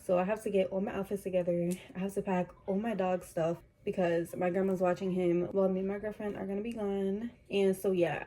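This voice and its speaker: A woman's voice: medium pitch, mellow, poor audio. A young adult woman vlogger in casual chat at home, gushing and slangy as she talks straight to her viewers.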